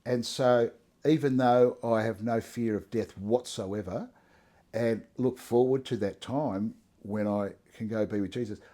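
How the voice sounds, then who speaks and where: Middle-aged man, mellow tone, earnest, chatty interviewee. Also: mid-range voice, fairly even intonation, unhurried. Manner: earnest, conversational, frequent restarts and "you know". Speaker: interviewee sharing his testimony. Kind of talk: casual interview.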